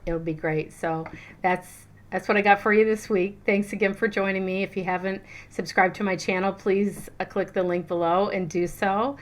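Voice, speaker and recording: Woman, middle-aged, spiritual coach, casual teaching talk, chatty, animated, lots of fillers. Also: on the low side.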